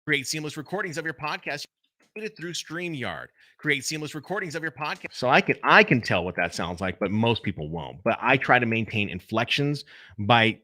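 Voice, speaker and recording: A man's voice: fairly low pitch, bright, forceful tone, no room sound, clean studio sound. A man hosting a casual live-stream Q&A about podcasting, chatting loosely and speaking straight to his viewers. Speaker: podcast host.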